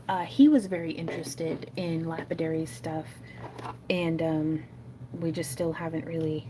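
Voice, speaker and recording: A woman's voice: low-pitched, fairly even intonation, a little slow, noisy background. A woman hosting a craft livestream, chatting casually and rambling with frequent laughs while she makes jewelry. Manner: chatty, rambling, laughs often, many fillers.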